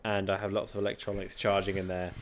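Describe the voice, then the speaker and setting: A man's voice: sits low, completely flat delivery, quick pace, slight background noise. A young man from Britain co-hosting a casual film podcast, rambling with lots of filler words. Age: young adult. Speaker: podcast co-host. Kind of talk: casual chat.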